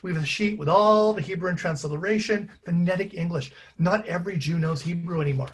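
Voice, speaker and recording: A patient woman rabbi, read by a man in a stage reading, gently reassuring and a touch wry. The voice is husky and sits a little high for a man. She stays level and unhurried. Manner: reassuring, dry understatement.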